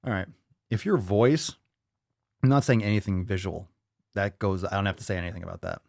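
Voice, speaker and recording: A man's voice: low-pitched, fairly quick, vocal fry, darkish tone, dry recording, studio quality. A man hosting a show, mocking and exasperated as he reacts to a video clip and swears freely. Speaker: host reacting to clips. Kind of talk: casual reaction commentary.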